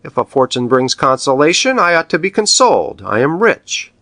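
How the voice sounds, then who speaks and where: A man's voice: fairly high pitch, big pitch swings, moderate pace, pushed and bright, no room sound, voice pushed up, heavily acted. A proud, anxious banker pleads and stammers in a raised, swooping voice, as a man puts him on. His tone leaps about in a dry, close audiobook read. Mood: boastful.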